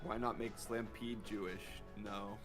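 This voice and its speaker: A man's voice: lowish voice, flat delivery, a little slow, music in the background. A man co-hosting a drawing livestream, chatting casually in a laid-back way and reading viewer questions aloud. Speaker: co-host of an art stream.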